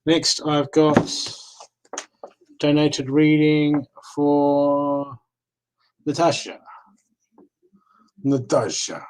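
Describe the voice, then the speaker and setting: A man's voice: on the high side, steady tone, very slow, pauses often, darkish tone, smooth, poor audio. An Australian man giving live card readings, talking casually and reassuringly, often checking in with "okay?". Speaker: card reader.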